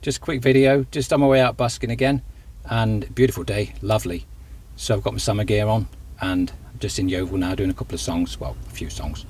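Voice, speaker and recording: A man's voice: on the low side, a little fast, hardly any pauses, darkish tone, breathy edge. A man busking on a town street, chatting to his camera and to passers-by in a friendly, rambling way. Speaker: busker and singer-songwriter. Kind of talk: casual vlog chat and street busking patter.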